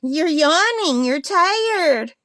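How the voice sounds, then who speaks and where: A woman talks to her pet in playful baby talk, her voice high and sweet. The sound is dry and close, recorded in a bedroom with almost no room echo. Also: expressive, drawn-out words, fairly bright tone. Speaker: craft vlogger, pet owner. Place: upstairs bedroom.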